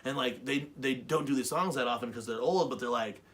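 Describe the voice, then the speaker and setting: A man co-hosting a webshow, telling stories in a rambling, profane, animated way. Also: mid-range voice, fairly quick. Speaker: webshow co-host. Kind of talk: casual chat.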